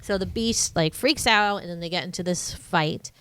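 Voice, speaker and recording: A woman's voice: on the low side, normal speed, fairly bright tone, clean tone, dry recording. A woman co-hosting a podcast, recapping a film in casual chat with lots of fillers and sarcastic asides. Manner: chatty and sarcastic, full of fillers. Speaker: podcast co-host.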